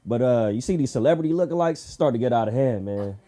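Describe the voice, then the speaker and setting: Animated crude stand-up comic, man. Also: quick pace. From Southern California. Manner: crude, animated, acts out characters in shrill voices. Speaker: stand-up comedian. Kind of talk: open mic stand-up set. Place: comedy club stage.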